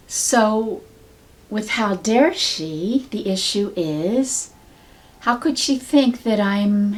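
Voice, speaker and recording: A woman with a middle-pitched voice guides listeners through a healing exercise. She talks very slowly, with long, unhurried pauses. Her delivery is calm, measured and soft. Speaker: sound healing teacher. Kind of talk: slow guided teaching.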